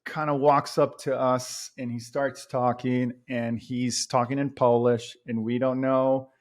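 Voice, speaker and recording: A man's voice: mid-range voice, flat delivery, unhurried. A man chatting casually as a podcast guest, rambling with lots of fillers and restarts as he tells a story.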